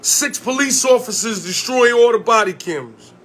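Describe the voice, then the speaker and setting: High-voiced man ranting into the camera. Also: lively intonation, normal speed, a bit bright. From Connecticut. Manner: confrontational, profane, hammering repeated questions. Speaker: vlogger and community organizer. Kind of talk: heated direct-to-camera rant.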